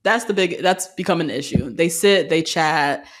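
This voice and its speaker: A woman's voice: fairly low pitch, moderate pace. Woman, podcast co-host, casual recap, blunt and profane, sarcastic.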